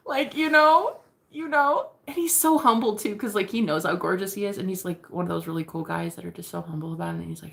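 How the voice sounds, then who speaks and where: A woman with a creaky, gravelly edge to her voice talks candidly to camera in a loose confessional chat. She laughs often and drops the odd swear word. Her pitch sits in an ordinary middle range. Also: moderate pace, fairly bright tone. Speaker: vlogger.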